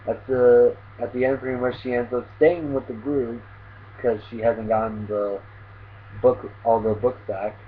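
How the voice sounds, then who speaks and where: Male anime reviewer, casual rambling recap, average pitch, tinny lo-fi audio. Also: little pitch movement, a little slow. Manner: rambling, filler-heavy retelling. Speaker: anime reviewer, channel host. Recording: tinny phone-like audio, faint hiss.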